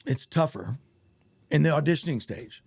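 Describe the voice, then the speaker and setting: A man with a Southern American accent, an actor guest talking earnestly in a casual interview, with a gravelly, husky voice. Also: fairly high pitch, moderate pace, no room sound. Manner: earnest, animated storytelling with self-corrections.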